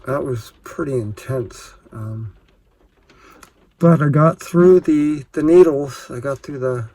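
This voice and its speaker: A man's voice: mid-range voice, dark tone. A man vlogging casually with a swollen cheek after oral surgery, talking candidly and reflectively to the camera while he works on a door and walks outdoors. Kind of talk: casual vlog narration. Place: outdoors and around a house under renovation.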